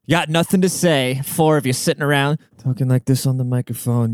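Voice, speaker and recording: A man's voice: medium pitch, brisk, few pauses, clear, resonant tone, dry recording, clean studio sound. Brash, profane man ranting solo. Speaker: podcast host. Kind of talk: solo podcast rant.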